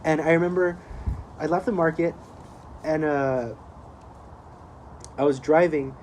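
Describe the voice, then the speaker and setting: A man's voice: on the high side, fairly even intonation, a little slow, a little mellow, slight background noise, low-quality recording. Swearing man telling a story. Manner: rambling, swears a lot, laughs while telling a story. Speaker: podcast co-host. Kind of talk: casual storytelling chat.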